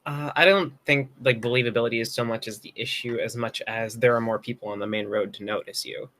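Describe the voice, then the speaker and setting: A man's voice: mid-range voice, steady tone, quick pace, fairly bright tone. A man playing a tabletop game, talking in a laid-back way with lots of fillers. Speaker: player. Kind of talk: casual tabletop play.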